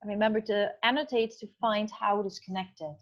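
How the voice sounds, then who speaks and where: A woman's voice: mid-range voice, steady tone, brisk. A woman teaching an English class over a video call, chatty and encouraging, often checking that students follow. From Indonesia. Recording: dull muffled video call audio.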